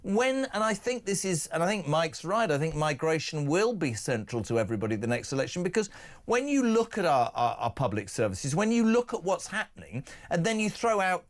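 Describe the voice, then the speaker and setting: A man hosting a live talk radio show, brash and jokey, shifting quickly between banter and serious points. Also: a little high, sing-song.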